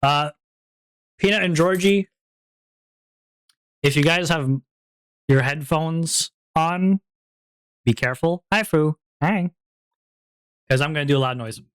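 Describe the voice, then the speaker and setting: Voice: mid-range voice, takes it slowly, long pauses, smooth, no echo. A streamer in casual stream chat, playful and rambling, with frequent giggles, talking into a home streaming mic.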